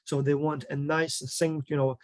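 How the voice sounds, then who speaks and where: A man's voice: fairly high pitch, level tone, normal speed, no echo. A man explaining a student project program in an online session, informal, with many fillers, listing items one by one.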